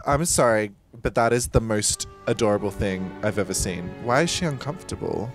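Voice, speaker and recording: A man's voice: on the low side, expressive, a little fast, over music. A man as a drag queen streamer, commenting casually on a life-sim game, gushing, gasping and squealing with delight and swearing freely. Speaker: drag queen let's-play host.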